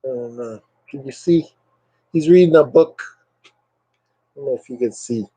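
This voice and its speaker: A livestream host with a medium-pitched, slightly rough voice speaks at normal speed. He rambles in a relaxed way while reading viewer comments aloud, his speech hesitant and filled with fillers.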